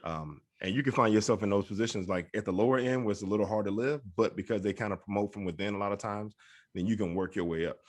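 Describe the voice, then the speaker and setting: A man's voice: fairly low pitch, quick pace. A middle-aged man co-hosting a podcast in casual, laid-back chat, often asking "right?". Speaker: podcast co-host.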